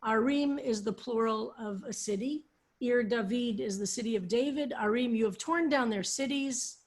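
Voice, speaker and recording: A woman's voice: on the high side, normal speed. A woman rabbi teaching a psalm study over a video call, patiently explaining Hebrew words. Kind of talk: online Hebrew text lesson.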